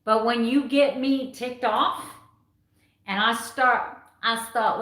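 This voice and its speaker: A woman in her fifties chatting casually on a live stream, animated and sarcastic, laughing often. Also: a little high, slow pace, roomy sound. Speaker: vlogger.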